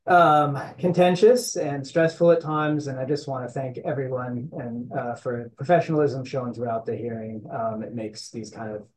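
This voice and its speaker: A man with a hoarse voice, an attorney making a legal argument at a hearing, hesitant with many fillers and restarts. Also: medium pitch, darkish tone. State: hoarse, coughing from allergies. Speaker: attorney for the applicant. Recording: echoey room, faint background noise.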